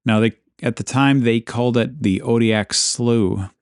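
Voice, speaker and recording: A man hosting a podcast, casually narrating local history in a relaxed, rambling way, with asides and self-corrections. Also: medium pitch, measured pace, clean tone, no echo, clean studio sound. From Alaska. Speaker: podcast host.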